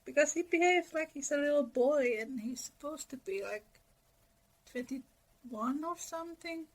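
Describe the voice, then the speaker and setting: A woman co-hosting a podcast, giving animated, opinionated takes on a classic novel. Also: high-pitched, unhurried, rough recording. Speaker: podcast co-host. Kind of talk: casual book discussion.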